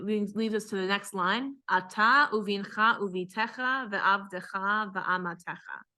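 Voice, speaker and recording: A woman cantor teaching a class on Torah chanting, explaining patiently and then chanting phrases slowly as examples. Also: medium pitch, sharp tone. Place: synagogue class.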